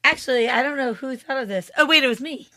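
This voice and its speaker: A woman's voice: sits high, fast, bright, forceful tone, no echo. A woman co-hosting a casual podcast, giggling often and talking with her hands. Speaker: podcast co-host. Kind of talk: casual chat.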